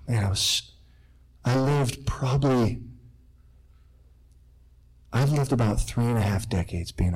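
A middle-aged man speaks as a priest, telling his own story to a crowd of students. His voice sits a little high for a man. He is animated and self-deprecating, swinging from loud bursts to hushed admissions. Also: low-quality recording. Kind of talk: personal testimony talk to students.

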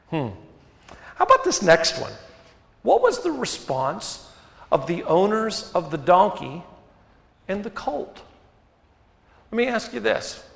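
A man preaching a sermon as pastor, asking rhetorical questions and dropping to quiet emphasis. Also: a little high, creaky. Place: church sanctuary. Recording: echoey hall reverb.

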